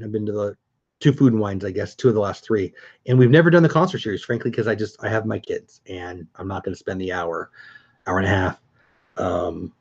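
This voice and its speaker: A man's voice: fairly low pitch, darkish tone, muffled recording. A middle-aged man hosting a casual live stream, chatting upbeat with viewers and answering their comments.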